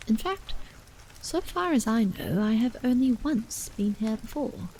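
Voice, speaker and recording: A woman's voice: on the high side, expressive, measured pace, darkish tone, rough recording. A woman voicing a shy, nervous, polite man in a whispered role-play. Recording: faint rain noise behind.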